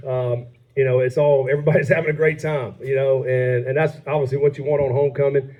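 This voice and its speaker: A man, a head football coach, answering questions at a postgame press conference in an upbeat, halting way. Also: medium pitch, level tone, muffled recording.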